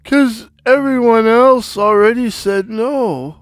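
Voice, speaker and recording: A man voicing a dying, wheezing, resentful old male street tough in a spoken story, pitched above his own narrating voice. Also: slow, dry recording, studio quality. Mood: insistent. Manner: wheezing, wheedling.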